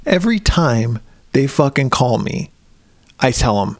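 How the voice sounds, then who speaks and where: A man's voice: medium pitch, very animated, unhurried, no room sound. A man co-hosting a casual podcast, talking profanely, laughing a lot and acting out phone calls in funny voices. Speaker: podcast co-host. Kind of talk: casual podcast chat about a horror film.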